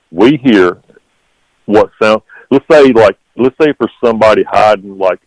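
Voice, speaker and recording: Low-voiced nc guy with a drawl, rambles thru his story, dry close sound. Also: a little mellow, no room sound, rough recording. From North Carolina. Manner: rambling, repeats "literally" and "okay?". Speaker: guest. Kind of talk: telling an encounter story.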